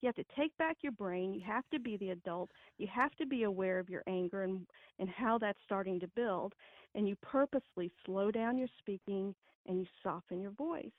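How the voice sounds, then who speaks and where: A woman's voice: mid-range voice, moderate pace, no room sound. A woman guest on a radio show, giving parenting advice in an earnest, emphatic way. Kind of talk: radio interview. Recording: tinny phone line.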